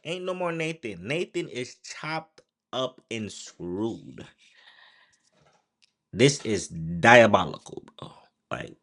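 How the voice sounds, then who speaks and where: A man hosting a reaction video, talking loudly and excitedly in slang and swearing freely. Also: mid-range voice, slow. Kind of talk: reaction commentary.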